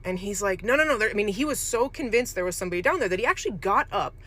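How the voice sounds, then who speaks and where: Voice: medium pitch, lively intonation, fast talker, pushed and bright. A nursing home worker telling a ghost story in a loose, rambling way. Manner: rambling, loose, with fillers and restarts. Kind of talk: casual storytelling.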